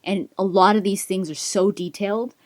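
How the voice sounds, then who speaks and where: A woman's voice: mid-range voice, steady tone, moderate pace, no room sound. A woman chatting enthusiastically as she retells a fantasy book for a gaming video, laughing along.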